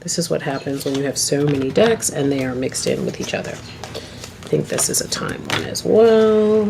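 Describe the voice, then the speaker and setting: A woman's voice: low-pitched, animated, normal speed, gravelly. A woman doing a casual, rambling tarot reading to camera, often asking okay. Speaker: tarot reader. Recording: noisy home video recording.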